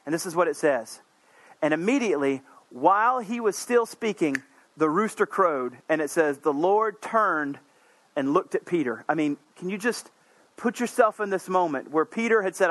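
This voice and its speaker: A man preaching a sermon in an earnest, conversational way, with asides, climbing to emphatic peaks and falling back low and quiet. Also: animated, moderate pace, no echo.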